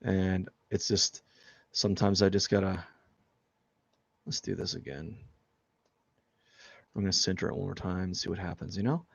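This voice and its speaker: A man's voice: deep voice, steady tone, normal speed, creaky, long pauses, breathy edge, dry recording, highs cut off. A man chatting casually and joking about himself while he draws on a live stream. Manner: rambling, self-deprecating, joking. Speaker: artist streaming live drawing.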